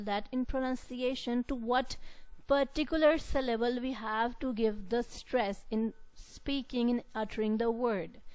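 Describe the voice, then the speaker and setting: A woman lecturing on pronunciation, explaining slowly and repetitively and correcting herself as she goes. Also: fairly high pitch, darkish tone, poor audio. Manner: slow, repetitive explaining with frequent self-corrections. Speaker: English lecturer. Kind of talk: recorded university lecture.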